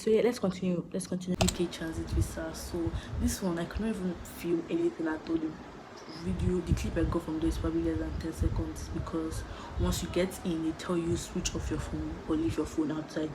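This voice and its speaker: A woman's voice: lowish voice, level tone, normal speed, dark tone, rough recording. A young woman vlogger from Nigeria, chatting casually and rambling as she talks to the camera. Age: young adult. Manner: chatty, rambling, laid-back. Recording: noticeable background noise.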